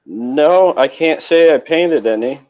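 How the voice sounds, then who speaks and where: A man's voice: fairly high pitch, lively intonation, slow, darkish tone, highs cut off. A man painting miniatures as a stream guest, chatting in a laid-back way. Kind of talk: casual chat while painting.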